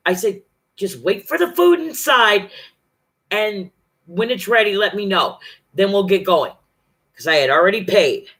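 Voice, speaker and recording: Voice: medium pitch, animated, measured pace, a bit bright. A vlogger telling a personal story in a casual, profane, emphatic monologue, acting out the other people's lines.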